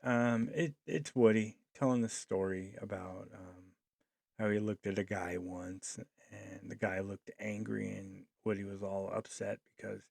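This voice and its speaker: A man hosting his own podcast, talking earnestly in a rambling way with many pauses and fillers. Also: lowish voice, gravelly, darkish tone, dry recording. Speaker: podcast host. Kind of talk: solo podcast commentary.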